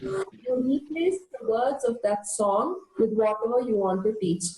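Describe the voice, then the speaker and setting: A woman's voice: fairly high pitch, measured pace. A woman teacher explaining methods step by step on a video call, with an occasional filler. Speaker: guest teacher answering questions. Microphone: computer mic on a video call. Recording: echoey room with faint noise.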